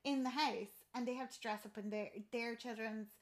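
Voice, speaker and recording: Her voice is fairly high and steady, her pace moderate, as she chats casually about a film, animatedly narrating the story and acting out what the characters say.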